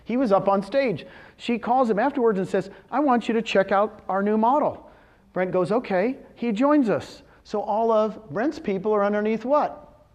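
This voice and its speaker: High-voiced man giving a sales seminar. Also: normal speed. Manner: animated, quizzes the audience with questions; retells conversations in quoted voices. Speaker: speaker presenting to real estate agents. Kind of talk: live seminar talk. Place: meeting room with a live audience.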